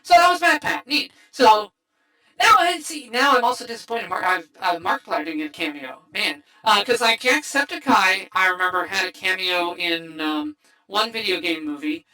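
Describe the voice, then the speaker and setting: A woman hosting a casual livestream movie chat, excitable and rambling with many restarts. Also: medium pitch, moderate pace, low-quality recording. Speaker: streamer host.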